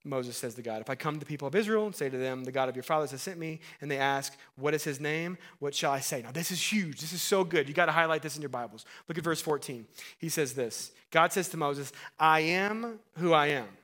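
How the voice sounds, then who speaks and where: Animated preacher man, slightly high voice. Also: fast talker. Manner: animated, acts out voices of Bible figures; drops to a low hush for emphasis. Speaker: pastor. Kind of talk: sermon.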